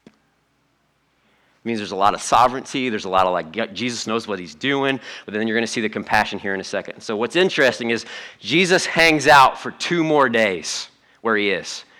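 A man preaching a sermon to his church in a conversational, animated way, with joking asides. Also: on the low side, a little fast. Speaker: pastor.

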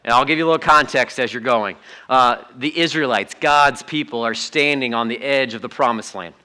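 A man preaching a sermon in a conversational, animated way, acting out quotes and asides to the congregation. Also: medium pitch, a little fast. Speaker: pastor.

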